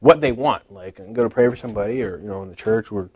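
A man's voice: lowish voice, fast talker, a little mellow, husky, no room sound. Man telling a chatty testimony, dry sound. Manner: chatty storytelling that acts out what others said, with many "like" fillers. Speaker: speaker giving a testimony at a conference. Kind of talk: casual personal testimony.

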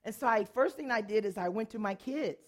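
A middle-aged woman giving a testimony sermon to an audience, a dramatic storyteller who laughs often and swings between loud and hushed. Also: medium pitch, expressive, fairly quick.

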